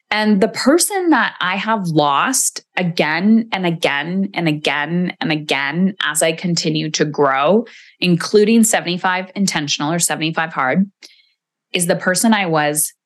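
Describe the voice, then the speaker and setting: A woman's voice: on the low side, animated, a little slow. A woman in her forties hosting a solo podcast, candid and emotional, swearing casually as she reflects. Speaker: podcast host.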